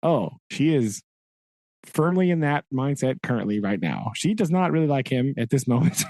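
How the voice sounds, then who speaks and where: Animated man retelling a novel. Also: medium pitch, moderate pace, no room sound. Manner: animated, acts out characters' lines while retelling. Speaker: podcast co-host. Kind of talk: casual book discussion.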